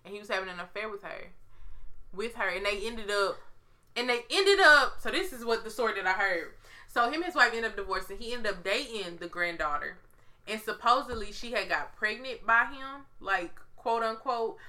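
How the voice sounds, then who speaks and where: A woman with a very bright, forceful voice, talking in a loose, animated way. She tells stories with lots of slang and swearing, like an easygoing co-host chatting with a friend. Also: medium pitch, moderate pace. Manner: animated, profane, slangy storytelling. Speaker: podcast co-host. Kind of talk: casual chat.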